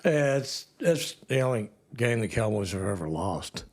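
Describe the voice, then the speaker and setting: A man's voice: on the low side, very animated, normal speed, a little mellow. A man with a Texan accent, a guest in a casual interview, talking in a folksy, rambling storytelling way. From Texas. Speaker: guest actor.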